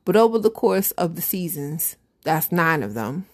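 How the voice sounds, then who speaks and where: A middle-aged woman with a slightly low-pitched voice hosts her own show and talks casually on her own. Her delivery is chatty and animated, with frequent laughs and asides aimed straight at her listeners. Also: normal speed. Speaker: podcast host. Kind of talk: casual solo commentary.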